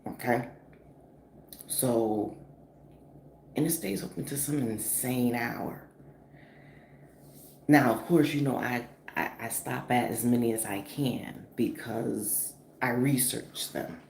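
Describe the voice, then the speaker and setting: A woman in her forties from the northeastern US telling a story in a casual, animated, profane vlog style, full of fillers. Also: extremely low pitch, takes it slowly, vocal fry, long pauses. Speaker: vlogger. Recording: echoey room with faint noise.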